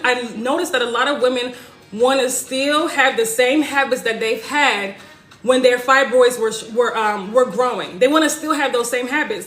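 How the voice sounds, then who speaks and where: A woman with a high voice hosts a casual livestream, chatting to her viewers and reading their comments aloud. Now and then she breaks into excited squeals. The sound is echoey, as if she is in a bare room. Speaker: livestream host, holistic health coach.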